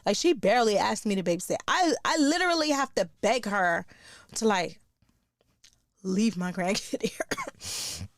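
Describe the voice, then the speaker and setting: A woman's voice: medium pitch, expressive, measured pace, pauses often, dry recording, studio quality. A middle-aged woman, a comedian hosting her own podcast, ranting bluntly with lots of swearing and laughing at her own jokes. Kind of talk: profane comedic rant.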